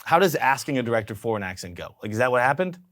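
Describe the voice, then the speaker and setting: A man's voice: medium pitch, sing-song, racing, fairly bright tone, dry recording, studio quality. A man hosting an interview, asking questions with eager enthusiasm. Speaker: interview host. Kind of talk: casual interview chat.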